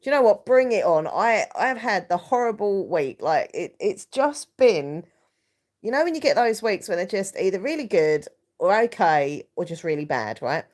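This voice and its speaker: A woman's voice: medium pitch, sing-song, moderate pace, darkish tone. A woman in her thirties, hosting a casual live stream, chatting in a rambling way with many fillers and restarts while reading out viewer comments.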